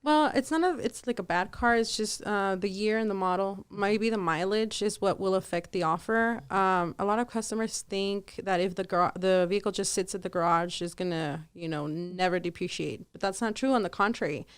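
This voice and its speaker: A woman chats about her work in a podcast studio. Her voice is smooth and clear. She fills her talk with ums and you knows and sounds easy and unhurried. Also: medium pitch. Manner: chatty, laughs often, many fillers. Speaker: car-buying team manager. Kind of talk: casual interview talk.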